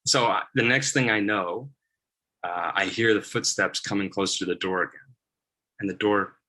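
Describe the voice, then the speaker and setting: Low bright-voiced male preacher storytelling. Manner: casual storytelling with many fillers. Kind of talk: first-person narrative sermon.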